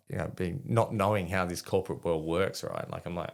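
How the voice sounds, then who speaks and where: Australian veteran guest, very low gravelly voice, rambling storyteller full of fillers. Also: male voice, steady tone, fast talker, few pauses. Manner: rambling, many fillers and restarts, acts out dialogue. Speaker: podcast guest, army veteran. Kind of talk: casual storytelling.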